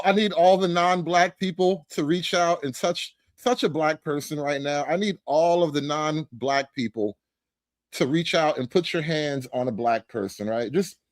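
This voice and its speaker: A man doing sarcastic comedic reaction commentary, mock-preaching and swinging between loud outbursts and hushed asides. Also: a little high, normal speed, no echo, clean studio sound.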